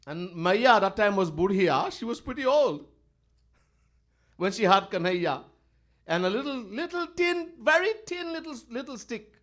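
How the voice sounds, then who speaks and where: A man preaching as a swami in a storytelling sermon. His voice is high and very animated, and he chuckles as he goes. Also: a little slow.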